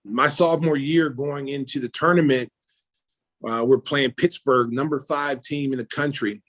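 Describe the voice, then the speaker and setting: A middle-aged American man talks through a long story in a relaxed interview, his voice sitting at an ordinary middle pitch. He acts out the people he quotes, jumping up in pitch and loudness for the funny bits and dropping back down for the asides. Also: normal speed. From United States. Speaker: former pro basketball player and announcer, interview guest.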